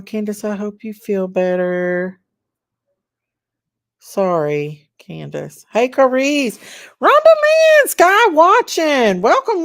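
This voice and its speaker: A woman hosting a casual livestream, greeting viewers by name in drawn-out, sing-song hellos. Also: medium pitch. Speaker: livestream host.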